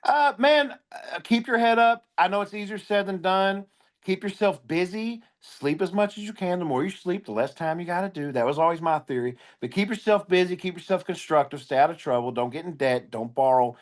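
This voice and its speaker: A man with a somewhat high-pitched voice speaks bluntly and emphatically, swearing freely. He talks as a comedian guest in an interview. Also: fairly quick. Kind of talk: candid interview storytelling.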